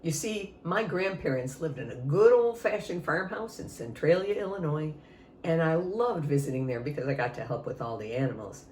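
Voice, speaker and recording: A woman music teacher tells a story to children, playful and engaging. Her pitch rises and falls animatedly, and the room echoes around her voice. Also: normal speed, a little hiss or hum. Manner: expressive and playful, addresses listeners.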